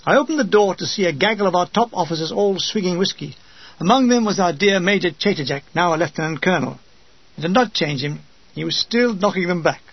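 A man reading his own wartime memoir with dry, deadpan comic timing. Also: high-pitched, a little fast, husky, highs cut off. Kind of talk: comic audiobook narration.

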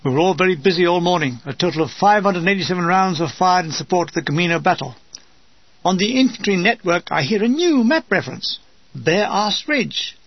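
A man's voice: sits high, animated, fast, no echo. An older British man with a wry, dry comic manner, reading his war memoir aloud. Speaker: memoir narrator. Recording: dull, dry lo-fi recording.

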